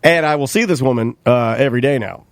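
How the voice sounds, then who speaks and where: A man's voice: medium pitch, quick pace, no echo. A man co-hosting a podcast, telling a story in a heated, ranting way. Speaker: podcast co-host. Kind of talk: casual chat.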